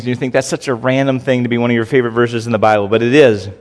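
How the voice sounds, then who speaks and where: A man's voice: mid-range voice, very fast, hardly any pauses. A man pastor preaching a sermon in a conversational way, with rhetorical questions and acted-out prayers. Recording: long hall reverb.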